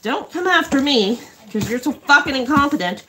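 Casting note: high-pitched woman, profane angry rant, light background hiss. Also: animated, moderate pace. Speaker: craft vlogger. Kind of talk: casual rant while working.

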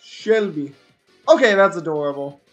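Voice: medium pitch, lively intonation, normal speed, a bit bright, muffled recording. Playful trash-talking game streamer. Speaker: VTuber streamer. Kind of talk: casual gameplay commentary. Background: faint game music.

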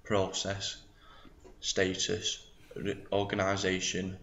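A man from England with a Manchester accent, reading a word list and answering questions in an unhurried, flat way. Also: deep voice, vocal fry. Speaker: interviewee in a played clip. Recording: dull lo-fi clip with faint noise.

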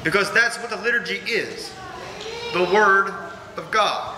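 A man's voice: high-pitched, a little slow. A man preaching a sermon as pastor, earnest and emphatic, with repetitions, in a large church sanctuary. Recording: echoey church hall with background noise.

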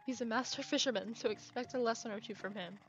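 A woman's voice: a little high, fast, lightly acted. A woman reading the lines of a curt, prickly female magic-user over muffled game music.

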